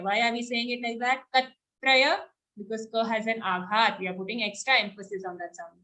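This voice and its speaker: A woman's voice: on the high side, level tone, moderate pace, fairly bright tone, rough recording. A woman teaching verse recitation in an online class, patiently repeating syllables and alternating chanting with short explanations.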